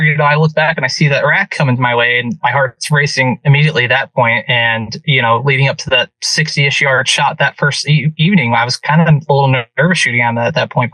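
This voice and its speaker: A man, a guest on a podcast, telling a hunting story in casual and animated speech. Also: medium pitch, no room sound. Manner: animated, vivid retelling. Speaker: guest hunter. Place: podcast studio. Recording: distant from mic, dry.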